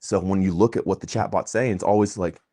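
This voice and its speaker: Deep-voiced man preaching emphatically. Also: steady tone, fast talker, vocal fry. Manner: emphatic, preachy, swings between loud and quiet. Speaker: vlogger host. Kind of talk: impassioned monologue.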